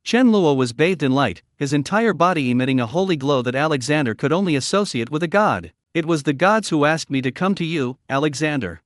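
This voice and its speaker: A man narrating a fantasy recap story in a steady, scripted way. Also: fairly high pitch, no echo, clean studio sound.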